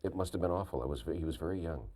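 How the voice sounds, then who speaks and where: A man's voice: low-pitched, racing, mellow, husky. A man interviewing a guest for a 1999 television program, prompting him with short questions. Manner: prompting questions, brief acknowledgements.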